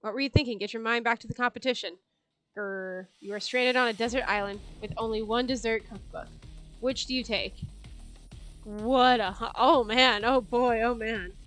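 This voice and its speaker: Young woman streamer, higher voice, playful and foul-mouthed, reads game text with faint music behind. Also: fairly even intonation, normal speed, a bit bright. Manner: playful, jokey, swears casually. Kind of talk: reading a game aloud with commentary.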